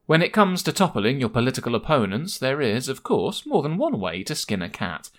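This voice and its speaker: A man anchoring a satirical news show in a dry, measured newsreading style. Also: medium pitch, huge pitch swings, over loud music. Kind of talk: scripted comedy newsreading.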